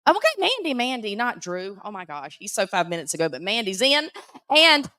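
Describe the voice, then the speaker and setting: A woman with a Southern American accent announcing prize winners at a live event, teasing and animated. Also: on the high side, normal speed, no room sound, studio quality. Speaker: auction emcee.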